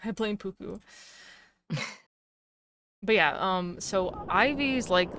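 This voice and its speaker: A woman's voice: mid-range voice, a little slow, noisy background. Laid-back woman streamer, casual storytelling. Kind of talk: casual chat while gaming.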